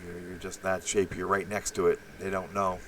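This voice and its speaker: A man's voice: low voice, little pitch movement, moderate pace, far from the mic, slight background noise, poor audio. A man hosting a live stream, rambling profanely with many fillers and restarts while reacting to chat.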